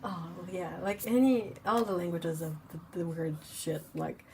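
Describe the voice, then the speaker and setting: A woman's voice: fairly low pitch, measured pace, warm tone, slight background noise. A woman whose first language is French, hosting a livestream in a rambling, playful chat, often giggling and poking fun at herself. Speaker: livestream host. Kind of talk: casual chat while painting.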